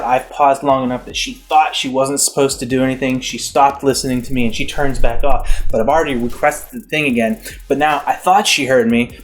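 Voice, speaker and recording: A man vlogging, telling a casual comic story in a rambling, self-mocking, exasperated way. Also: medium pitch.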